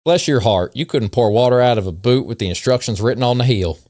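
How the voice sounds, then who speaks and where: A man's voice: medium pitch, fast talker, darkish tone, no room sound, studio quality, lightly acted. A man putting on a drawling Southern insulter. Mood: mocking. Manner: drawled, mocking insult delivery. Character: folksy Southern man trading put-down one-liners.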